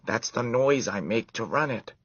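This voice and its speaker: Guy doing a tiny squeaky mouse, pleading and proud, lively, close dry mic. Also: moderate pace, husky, dry recording, lo-fi sound. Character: plucky little male mouse, urgent and proud.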